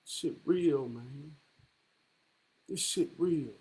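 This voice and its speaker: A man's voice: a little high, very slow, darkish tone. A man delivering an impassioned monologue, emphatic and profane, firing off rhetorical questions and tagging "man" onto his lines. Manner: repeats "man" as a filler.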